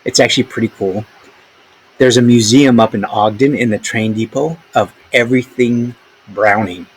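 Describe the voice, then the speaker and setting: A man's voice: mid-range voice, moderate pace, rough recording. A man teaching a history lesson to students, conversational and full of asides and filler words. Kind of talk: recorded classroom history lesson.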